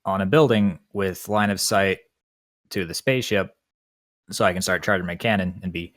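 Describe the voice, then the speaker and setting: A man's voice: deep voice, steady tone, normal speed, fairly bright tone, dry recording, studio quality. A man playing in a tabletop role-play, laid-back and matter-of-fact. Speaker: player.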